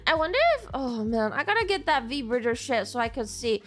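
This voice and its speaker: A young woman streamer who has just woken up chats sleepily and casually with viewers on a livestream, giggling and swearing. Her voice is a little high, a bit bright, animated and a little fast, with soft music in the background.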